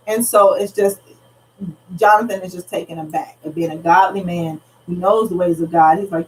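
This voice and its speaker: A woman's voice: lowish voice, steady tone, moderate pace, a little mellow. A woman pastor teaching a Bible study in an earnest, conversational way, retelling scripture in everyday speech. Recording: slightly distant mic, faint background noise.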